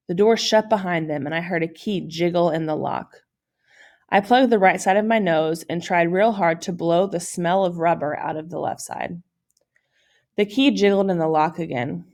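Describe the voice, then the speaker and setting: Woman narrator for a children's novel read-aloud, lower voice, plain storytelling delivery. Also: moderate pace, darkish tone. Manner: plain storytelling read with small slips and self-corrections. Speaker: audiobook reader.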